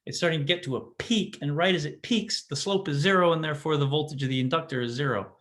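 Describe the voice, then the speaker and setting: A man's voice: on the high side, fast talker, a bit bright. Casual male physics lecturer. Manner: casual, self-interrupting, checks in with "right?". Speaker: physics teacher. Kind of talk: classroom lecture.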